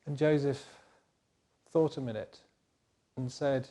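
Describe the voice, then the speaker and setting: A man telling a Bible story to children in an animated, expressive way. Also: medium pitch, moderate pace.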